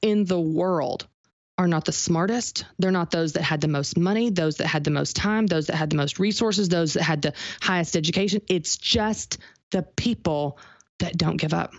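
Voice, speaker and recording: A woman's voice: on the low side, normal speed, dry recording. Woman on a podcast, punchy business pep talk, repeats herself for emphasis, kinda dull lo-fi dry sound. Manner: emphatic, repeats key points, self-interrupting. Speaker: guest, business author. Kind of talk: interview answers, motivational advice.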